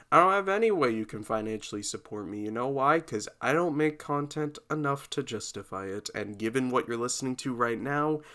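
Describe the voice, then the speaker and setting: A man's voice: medium pitch, pushed and bright. A man hosting his own podcast, rambling casually with self-deprecating jokes, his normal speaking voice sounding glum. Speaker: podcast host.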